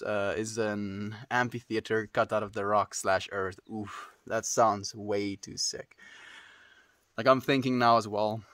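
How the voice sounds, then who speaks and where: A man's voice: fairly low pitch, fairly bright tone, no echo. A man livestreaming from home, chatting casually with viewers and reading their messages, calling them dude and friend. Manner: laid-back, calls people dude and friend.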